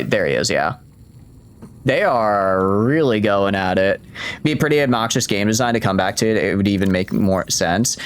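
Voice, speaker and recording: A man with a lowish voice chats casually while streaming a game, rambling and breaking off mid-thought. A little hiss or hum is audible in the recording.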